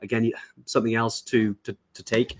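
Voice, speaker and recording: A man's voice: lowish voice, level tone, fairly quick. A man hosting a casual live stream, chatty and full of fillers, reading viewer comments aloud. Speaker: live show host.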